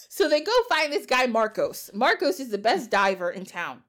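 A woman podcast host casually retelling an old epic poem in a lively, laughing way. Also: on the high side, moderate pace, few pauses. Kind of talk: casual storytelling chat.

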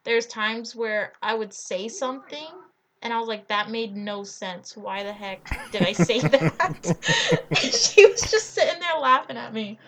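A woman's voice: on the high side, a little slow, crowd noise. A young woman co-hosting a podcast, telling a funny story in a casual, giggly way, full of "like". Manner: giggly, animated, lots of "like". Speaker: podcast co-host.

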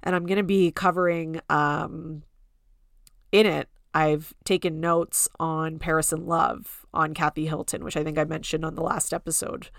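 A chatty woman hosts a podcast in a loose, gossipy way and fills her talk with "like". Her voice sits a little low. The sound is dry and close, with no room in it. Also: flat delivery, moderate pace, gravelly, no room sound. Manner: chatty, lots of "like" fillers, mocking quotes. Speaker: podcast host. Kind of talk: casual gossip chat.

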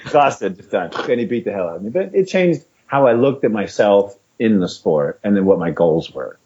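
Middle-aged guy, ex fighter, laughing at himself, low husky voice, lo-fi sound. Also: moderate pace. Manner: laughing, self-mocking, animated storyteller. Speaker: guest, retired fighter. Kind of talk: casual storytelling interview.

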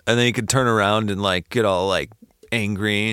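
A man's voice: lowish voice, steady tone, a little fast, a bit bright, clear, resonant tone, dry recording, clean studio sound. A man co-hosting a podcast in a loose, casual way, with swearing and laughter. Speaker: podcast co-host. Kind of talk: casual chat.

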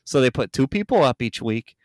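A man's voice: mid-range voice, fairly quick, no room sound. A man hosting a podcast, retelling a reality show in casual chat, swearing a lot and acting out the quotes. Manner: animated storyteller, swears a lot, acts out quotes in a raised voice. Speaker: podcast host.

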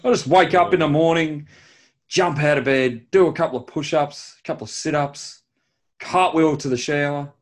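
A man's voice: fairly high pitch, normal speed. An Australian man co-hosting a podcast, chatting casually and teasing his friend. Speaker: podcast co-host. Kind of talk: casual chat.

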